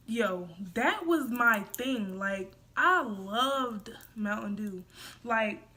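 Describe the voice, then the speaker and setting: A young woman from the United States chats through a casual storytime vlog, filling her talk with fillers and turning to her viewers often. Her voice sits a little high and rings bright and forward. She records it on her phone at home, with faint noise behind her. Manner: chatty and rambling, full of fillers, addresses viewers directly. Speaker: vlogger.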